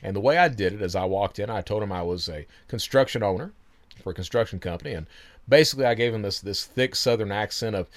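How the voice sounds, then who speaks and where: A man telling his story in a casual interview, animated, laughing often and swearing freely. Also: lowish voice, quick pace. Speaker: guest.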